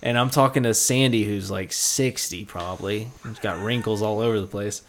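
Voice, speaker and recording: A man's voice: lowish voice, fairly even intonation, normal speed, a little hiss or hum. A man in his twenties, a podcast co-host, telling a rambling, swearing story with laughs. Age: 20s. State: slightly tipsy. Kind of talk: casual storytelling.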